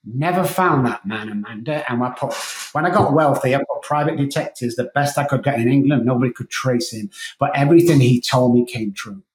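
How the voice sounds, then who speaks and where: A man being interviewed, telling his story in an emphatic, animated way. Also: medium pitch, a little fast. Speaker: guest, addiction coach. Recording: echoey room.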